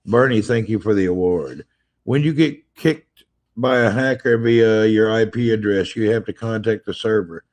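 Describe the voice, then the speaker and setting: A man's voice: fairly low pitch, normal speed, darkish tone. Chatty man hosting a home livestream. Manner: chatty, greets viewers by name and reads their comments aloud; teasing, playful. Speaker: livestream host. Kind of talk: casual live-stream chat. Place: at home with family nearby. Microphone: phone livestream.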